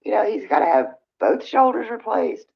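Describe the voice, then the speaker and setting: A woman's voice: medium pitch, very animated, moderate pace, creaky. A middle-aged woman, hosting a casual livestream and venting in a rambling way with frequent sighs. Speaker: livestream host. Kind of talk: casual livestream chat with viewers. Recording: dull lo-fi stream audio.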